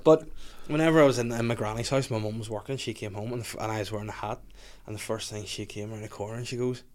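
A man's voice: fairly low pitch, rapid-fire. A man, a podcast guest, telling stories in casual chat and laughing often. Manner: animated, laughing storyteller.

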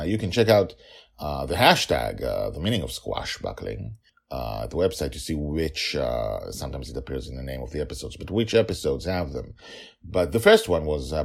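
A man narrating his own fantasy podcast, chatty and animated with plenty of "uh"s. His voice is extremely low and gravelly, and it rises and falls a lot.

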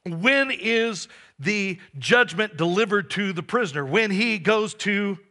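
A man preaching a sermon, animated, asking his listeners rhetorical questions. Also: high-pitched, unhurried. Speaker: pastor.

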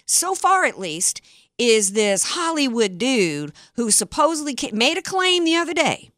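A woman's voice: mid-range voice, fairly bright tone, no room sound. Woman radio host, sarcastic and indignant political monologue, dry close-mic studio sound.

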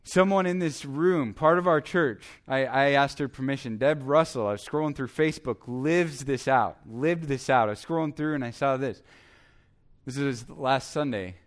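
A man's voice: mid-range voice, moderate pace. A man preaching a sermon as the pastor, earnest and emphatic, repeating his exhortations.

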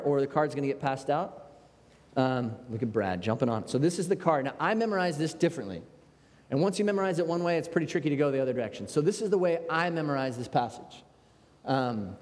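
Animated American pastor preaching in a reverberant hall. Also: male voice, fairly high pitch. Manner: animated, conversational preaching with quoted asides. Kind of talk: sermon.

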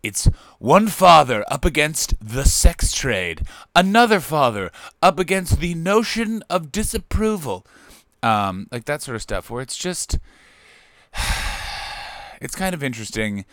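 Guy doing a solo comedy podcast, jokey and rambling, gets loud when excited, dry sound. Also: on the high side, takes it slowly, dry recording. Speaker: podcast host.

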